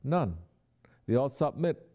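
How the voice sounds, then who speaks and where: Speaking slowly in a medium-pitched, very animated voice, a preacher urges his listeners on, alternating between hushed, quiet asides and forceful, emphatic lines.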